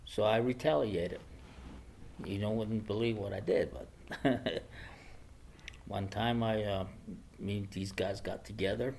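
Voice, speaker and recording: Older man telling stories, halting. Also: on the low side, gravelly, darkish tone, slight background noise. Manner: hesitant, many fillers and restarts. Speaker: guest speaker. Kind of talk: personal storytelling to a class. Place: classroom.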